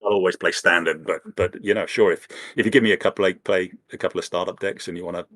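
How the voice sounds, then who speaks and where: A man's voice: sits low, steady tone, fast, fairly bright tone, no echo. A man visiting as a guest on a stream, talking casually and hesitantly with frequent restarts.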